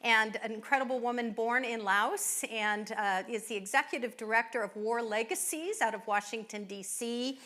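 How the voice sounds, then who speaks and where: Bright-voiced woman hosting a live event. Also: on the high side, moderate pace, few pauses. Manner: warm effusive thanks with fillers. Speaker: event host. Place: winery event venue.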